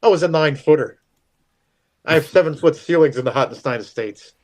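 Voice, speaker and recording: A man's voice: fairly high pitch, brisk, darkish tone. A man, a show regular, telling a long self-deprecating story in casual chat, rambling and chuckling. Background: faint music.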